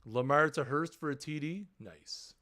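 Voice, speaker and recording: A man's voice: on the high side, a little slow, bright, forceful tone. A man streaming a video game, chatting casually and explaining his choices, often restarting and repeating phrases. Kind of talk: casual live-stream commentary.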